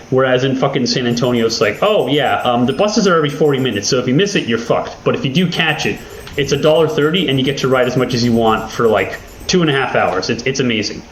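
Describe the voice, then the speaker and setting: A man's voice: medium pitch, echoey room, slight background noise, rough recording. A man hosting his own channel, chatting casually and rambling with lots of swearing and self-deprecating jokes. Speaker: video host. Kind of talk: casual rambling chat over gameplay.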